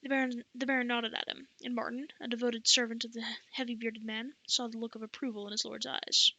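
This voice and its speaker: A woman's voice: on the high side, level tone, a little fast, sharp tone, lo-fi sound. A woman reading a novel aloud as an amateur audiobook narrator, often stumbling and restarting words. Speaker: audiobook reader.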